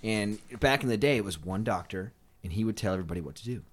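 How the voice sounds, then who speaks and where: Low-voiced, fast, lively man. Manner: emphatic, swearing explainer. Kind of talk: casual chat.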